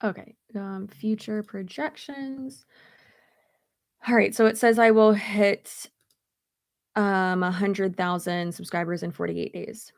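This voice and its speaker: A blunt, sarcastic woman chatting casually on a livestream, swearing freely as she talks. Her mid-pitched voice carries a gravelly edge. The sound is dry and close, with no room echo. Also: fairly even intonation, slow. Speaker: beauty YouTuber. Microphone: streaming setup at home.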